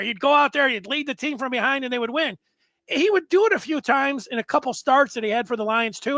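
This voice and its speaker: A man's voice: extremely high pitch, pushed and bright, no echo. A man hosting a sports talk show, telling stories in a playful, joking way. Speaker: show host.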